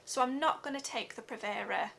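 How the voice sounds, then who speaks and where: Bright-voiced young woman vlogging. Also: on the high side, vocal fry, slight background noise. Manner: earnest, halting, many fillers. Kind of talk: personal vlog update.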